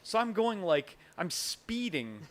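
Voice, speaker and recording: An enthusiastic man tells stories as a guest on a live show. His pitch swings widely and his voice is bright. He builds his stories with excitement. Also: slow pace. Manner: animated storyteller, enthusiastic. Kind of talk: casual chat.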